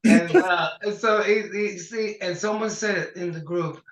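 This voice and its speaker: High, bright older man telling stories. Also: a little slow. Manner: animated storyteller, acts out quotes. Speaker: singer recalling his career. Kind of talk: casual interview conversation. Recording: echoey dull lo-fi sound.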